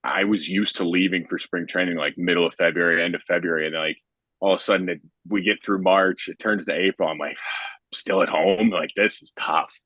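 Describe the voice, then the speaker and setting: A young man with a very low, deep voice talks about pitching in a loose, rambling podcast chat. He keeps sliding in filler words. The sound is dry and close, with no room echo. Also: steady tone, a little fast, bright, forceful tone. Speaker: professional baseball pitcher.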